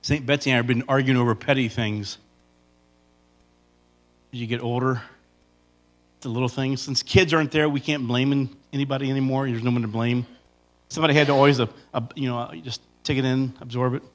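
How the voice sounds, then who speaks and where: A man in his fifties telling comic stories to a church congregation, acting out loud impressions of himself and his wife. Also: mid-range voice, fairly even intonation, brisk, long pauses. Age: 50s. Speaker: comedian speaking at church. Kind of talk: comedic storytelling to a congregation. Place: church sanctuary.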